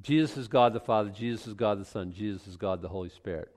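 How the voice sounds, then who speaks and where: A man's voice: on the low side, quick pace, darkish tone. A man giving informal verse-by-verse Bible teaching in a conversational way, often restarting and adding asides. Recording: long hall reverb.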